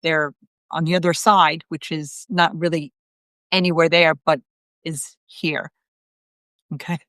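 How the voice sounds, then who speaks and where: Woman medium, talks straight to her viewers, lowish voice, dry close sound. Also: fairly even intonation, measured pace, a bit bright, no room sound. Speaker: psychic medium. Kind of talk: live video storytelling.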